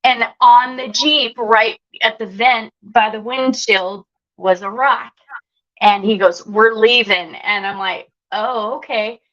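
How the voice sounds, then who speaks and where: A woman's voice: on the high side, steady tone, slow, a bit bright, dull audio. A woman guest telling a personal story with animation, acting out the voices she quotes.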